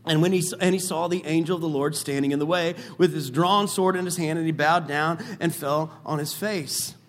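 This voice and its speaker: A man preaching a sermon as pastor, telling a story with lively asides. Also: high-pitched.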